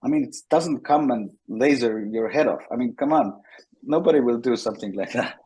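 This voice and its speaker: A man, a guest in a casual interview, telling animated stories with frequent restarts. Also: mid-range voice, fairly quick, slightly rough, rough recording.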